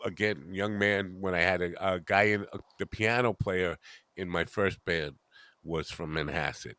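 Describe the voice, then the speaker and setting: A man hosting a casual podcast chat, telling blunt, profane stories in a gruff, offhand way. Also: sits low, normal speed, sharp tone, no echo. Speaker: podcast host.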